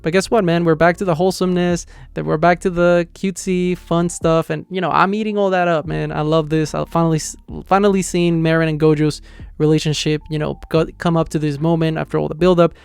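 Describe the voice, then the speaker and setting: A man's voice: a little high, little pitch movement, a little fast, creaky, clear, resonant tone, dry recording. Rambling young man reviewing a manga. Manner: rambling, heavy on fillers like "like" and "you know". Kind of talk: casual video review.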